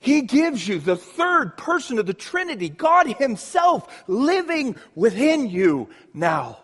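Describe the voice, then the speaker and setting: Male pastor delivering a sermon, unhurried and emphatic, in a reverberant hall. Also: extremely high pitch, sing-song, fairly bright tone. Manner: emphatic preaching with drawn-out pauses.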